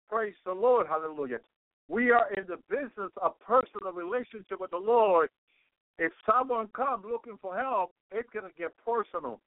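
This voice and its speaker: A man's voice: sits high, dry recording. A man preaching on a radio program, fervent and repetitive, constantly breaking in with praise-the-Lord interjections. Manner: repeats and restarts phrases for emphasis. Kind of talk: radio sermon. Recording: narrow phone-like radio line.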